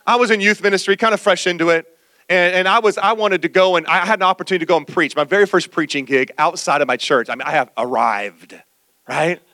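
Guy pastor preaching, bright forceful voice, kinda high, tells stories with lots of life. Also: quick pace, dry recording. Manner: storytelling preacher, animated, acts out quoted voices. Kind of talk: sermon.

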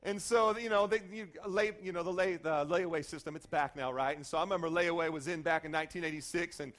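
A man in his forties preaching a sermon as pastor, telling stories with lively acted-out voices and sudden shouts. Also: on the high side, fast talker. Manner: animated storytelling, acting out voices and shouts.

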